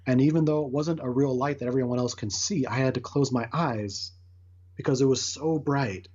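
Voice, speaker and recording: Man, husky, muffled lo-fi sound, rambling earnest storytelling, interview guest. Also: mid-range voice, normal speed, a little mellow. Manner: earnest, rambling with restarts and acted-out quotes. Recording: muffled lo-fi audio.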